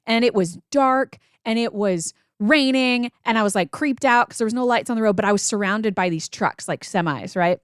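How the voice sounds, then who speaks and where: A woman in her thirties, a podcast co-host, telling a story in a casual faith chat, animated and laughing often. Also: on the high side, normal speed, few pauses, clear, resonant tone, no echo, studio quality.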